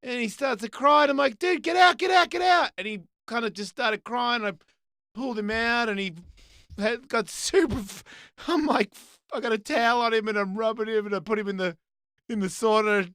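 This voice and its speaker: Casting: male talk show host, bright tone, dry close studio sound, lively storyteller. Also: sits high, brisk, clear, resonant tone, no echo. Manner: animated storyteller, voice jumps up when acting out scenes. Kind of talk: casual chat.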